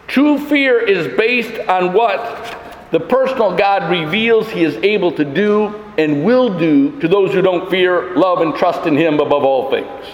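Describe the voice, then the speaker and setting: A male pastor preaching a sermon, emphatic with wry asides. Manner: emphatic, rises in pitch on fearful lines, wry asides. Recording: echoey church hall.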